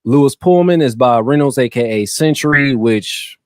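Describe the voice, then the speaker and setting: A man's voice: medium pitch, normal speed, dry recording, studio quality. A man hosting a podcast, chatting casually and loosely about a film, often tripping over names. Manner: relaxed, slangy, stumbles over names. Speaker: podcast host. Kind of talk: casual movie-review chat.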